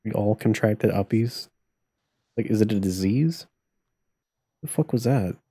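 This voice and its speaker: Young male streamer, foul-mouthed and jokey, warm husky voice, dry close sound. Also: fairly low pitch, expressive, measured pace, no echo. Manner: profane, joking, laughs often. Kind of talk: casual live-stream commentary while playing.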